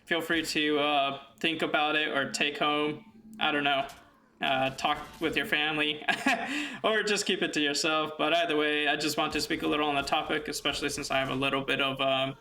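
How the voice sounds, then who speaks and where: Bright-voiced man musing off the cuff. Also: a little high, fairly even intonation, moderate pace. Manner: rambling with many fillers and restarts; reflective, thinking aloud. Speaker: video essay host. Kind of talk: casual unscripted monologue.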